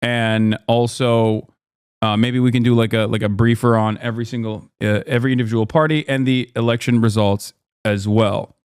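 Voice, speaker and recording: A male livestream host with a smooth, resonant voice speaks in a loose, rambling way full of ums and restarts. The sound is close and dry. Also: medium pitch, fairly even intonation, normal speed, a little mellow, dry recording. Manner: talkative, frequent fillers and restarts. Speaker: streamer host. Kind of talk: casual livestream conversation.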